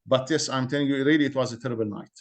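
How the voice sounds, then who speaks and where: A man in an interview, recounting events as a community member in a halting, earnest way, often searching for words. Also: mid-range voice, steady tone.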